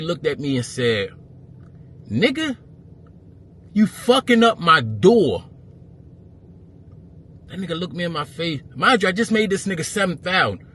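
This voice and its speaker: A man, an event promoter telling a story to camera as a profane, heated rant that grows louder. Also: a little high, slight background noise.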